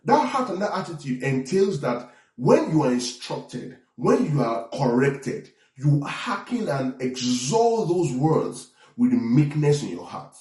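Lively preacher guy, kinda high voice, mic far off in an echoey church. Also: slow pace. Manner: animated preaching with call-and-response asides. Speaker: pastor. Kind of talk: sermon.

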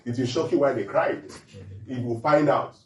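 A man's voice: mid-range voice, a little slow, echoey room, distant mic, muffled recording, slight background noise. A man preaching a humorous sermon, laughing often and checking in with his listeners. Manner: animated, laughing often, asks the audience questions.

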